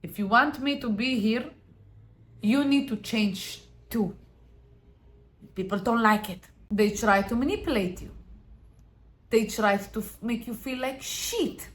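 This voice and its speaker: A woman's voice: fairly high pitch, measured pace, long pauses. Earnest woman giving motivational advice. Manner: earnest, emphatic, with restarts. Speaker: vlogger. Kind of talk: motivational talk to camera.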